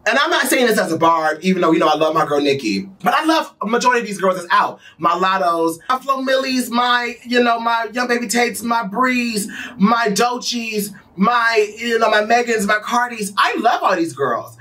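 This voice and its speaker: A man's voice: very high-pitched, animated, moderate pace, pushed and bright, far from the mic. A man giving casual pop culture commentary in a sassy, gossipy way. He laughs often and swears freely.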